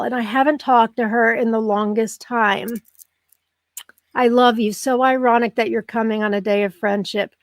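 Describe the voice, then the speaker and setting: A woman's voice: a little high, fairly even intonation, moderate pace, no room sound, clean studio sound. A middle-aged woman hosting a live online show, chatting casually and emotionally with her viewers. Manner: warm, effusive, emotional, chatty with many ums. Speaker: livestream show host. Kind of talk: casual live broadcast chat.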